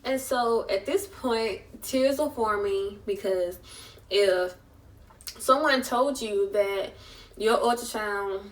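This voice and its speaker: Recorded far from the mic, a young woman with a mid-range voice speaks slowly in her vlog. She recounts an emotional personal experience in a chatty way, quoting the people in it and giving each a voice.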